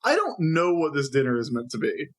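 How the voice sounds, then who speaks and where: A man co-hosting a casual fan podcast, playful and quick with jokey asides. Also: on the high side, wildly swooping pitch. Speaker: podcast co-host.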